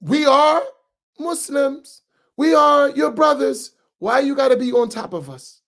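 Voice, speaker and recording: A man with an American accent, an imam preaching a sermon with rising shouts and repeated rhetorical questions. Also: very high voice, measured pace, vocal fry. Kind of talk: impassioned sermon.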